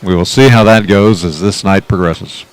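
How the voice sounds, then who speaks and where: A man's voice: moderate pace, low-quality recording. Chatty man calling baseball on radio. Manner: chatty, riffs on trivia between pitches. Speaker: play-by-play announcer.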